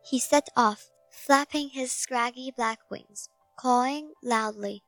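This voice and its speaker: A woman narrating a children's fable slowly and gently, recorded close on a dry mic. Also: on the high side, no echo, faint music behind. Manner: slow, gentle storybook reading. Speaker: storyteller.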